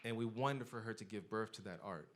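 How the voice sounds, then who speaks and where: A man's voice: on the low side, brisk, a little hiss or hum. A middle-aged man giving an impassioned public lecture, building rhetorical lists with emphatic rises. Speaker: speaker giving a talk.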